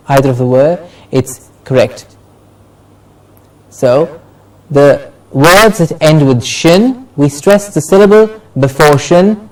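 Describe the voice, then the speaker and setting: Man, pronunciation teacher, slow and deliberate, repeats each word, slightly high voice, sounds a bit off-mic. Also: recorded from a distance, low-quality recording. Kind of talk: classroom lesson with drills.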